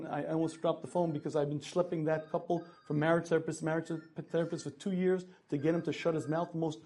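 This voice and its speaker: A man giving a storytelling lecture on marriage, animated, acting out characters and often clearing his throat. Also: fairly high pitch.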